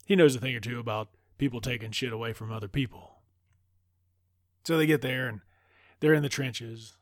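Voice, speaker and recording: A man recaps a film in a loose, profane, excited way. His voice sits at an average pitch. The sound is dry, with no room echo. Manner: loose, profane, enthusiastic retelling.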